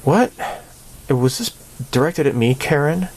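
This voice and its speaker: A man's voice: a little high, animated, measured pace, slight background noise. A man hosting a casual channel update, rambling and sarcastic and laughing often between his remarks. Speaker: channel host.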